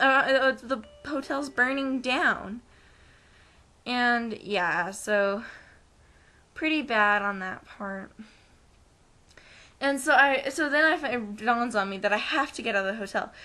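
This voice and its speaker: Young American woman, vlog storyteller, slightly high, bright, acts out quotes. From United States. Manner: animated, acts out quoted voices. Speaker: vlogger. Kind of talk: casual storytelling.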